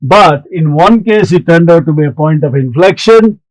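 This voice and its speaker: A man's voice: fairly high pitch, expressive, no room sound, rough recording. A man teaching a maths lesson, explaining step by step and answering imagined students. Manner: slow, deliberate explaining, talks back to imagined students.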